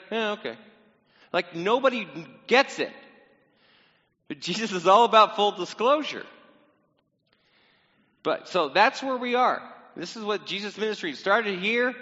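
Bright-voiced pastor in a reverberant hall. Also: male voice, sits high. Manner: casual, teasing, talks directly to the congregation. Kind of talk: sermon. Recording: dull sound in a reverberant hall.

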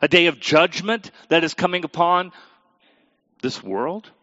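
A pastor preaching a sermon, reading scripture aloud and asking the congregation questions, moving between quiet and emphatic delivery. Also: male voice, a little high, animated, a little slow, dry recording, dull audio. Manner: asks the audience questions directly.

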